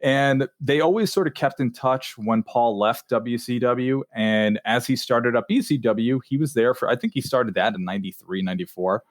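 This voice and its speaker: A man co-hosting a podcast, telling stories in a relaxed, chatty way with fillers. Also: mid-range voice, moderate pace, few pauses, dry recording, studio quality. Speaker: podcast co-host. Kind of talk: casual chat.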